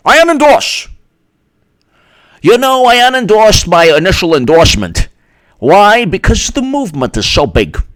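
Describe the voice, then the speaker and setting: A man's voice: high-pitched, sing-song, normal speed, long pauses, a bit bright, voice pushed up. A man putting on a flustered, dithering male pundit in a mocking, whiny voice.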